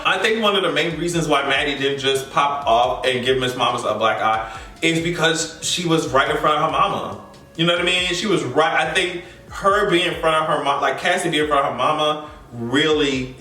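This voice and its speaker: A man with a high, bright voice recaps a show in a lively, expressive way, full of slang and cursing. He sounds somewhat distant from the mic in an echoey room. Faint music plays behind him. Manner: animated, expressive, heavy slang and profanity. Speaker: recap vlogger. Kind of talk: casual reaction recap.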